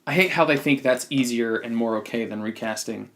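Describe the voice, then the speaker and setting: A man's voice: medium pitch, a little fast, fairly bright tone. Blunt, opinionated man reviewing a movie. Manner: opinionated, blunt, frequent restarts. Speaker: podcast host. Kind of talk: casual movie review chat.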